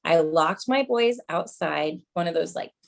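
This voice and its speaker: A woman's voice: on the low side, expressive, measured pace, gravelly. A woman in her thirties doing a stand-up set, chatty and self-mocking, often calling the crowd "you guys". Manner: self-mocking mom jokes. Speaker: stand-up comedian.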